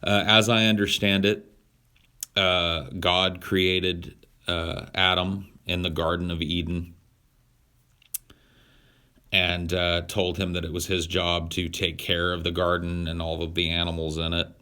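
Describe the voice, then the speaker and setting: Low-voiced, profane, rambling man. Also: level tone, a little slow, pushed and bright, clean tone. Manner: profane, rambling, irreverent, many fillers. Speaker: podcast co-host. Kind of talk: casual chat.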